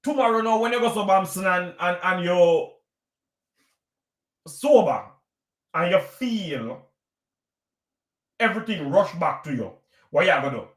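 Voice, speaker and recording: Jamaican man, live-stream host, lecturing and repeating his points, a touch high voiced, roomy echo. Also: animated, unhurried, long pauses. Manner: preachy, lecturing, repeats himself. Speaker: vlogger hosting a live stream.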